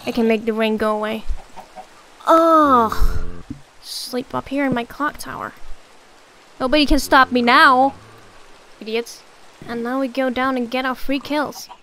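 A woman's voice: fairly high pitch, little pitch movement, moderate pace, poor audio. A young woman giving casual gameplay commentary, muttering to herself, swearing and getting exasperated. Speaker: gaming YouTuber. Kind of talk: casual let's-play commentary.

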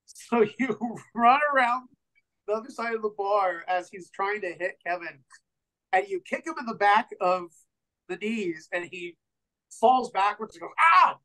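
A man narrating as game master in a tabletop game, relaxed and halting with many fillers. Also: high voice, low-quality recording.

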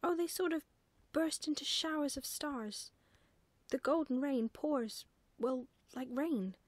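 Woman doing an eager little boy, whispered role-play, breathy, chatty, slow, close and dry. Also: high-pitched, no room sound, voice pushed up.

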